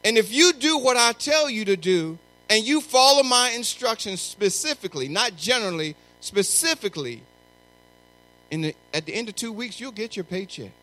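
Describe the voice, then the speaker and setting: A man's voice: high voice, lively intonation, normal speed, pushed and bright. A man voicing the Lord as a firm, matter-of-fact male boss on the job.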